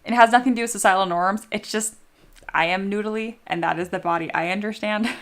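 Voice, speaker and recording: A woman's voice: mid-range voice, quick pace. A woman teaching 3D sculpting on a live stream, chatty and self-deprecating, laughing often and reading viewer comments aloud. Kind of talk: casual live-stream tutorial.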